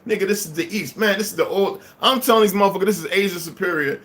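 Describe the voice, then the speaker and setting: A man's voice: high voice, animated, very fast, few pauses, fairly bright tone. A man in his fifties delivering a heated, profane, unscripted monologue as a vlogger.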